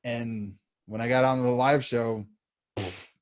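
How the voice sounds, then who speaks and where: At a slow pace, a podcast co-host shares stories in easygoing chat, performing people's quoted words with dramatic jumps in pitch. His animated delivery comes through in clean studio sound with no echo.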